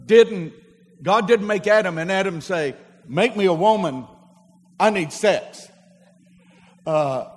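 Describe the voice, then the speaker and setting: In a church sanctuary, a pastor preaches a sermon to his congregation, using call-and-response and asking them to repeat after him. His voice is fairly high in pitch, with a little hiss or hum and the long hall reverb of a church.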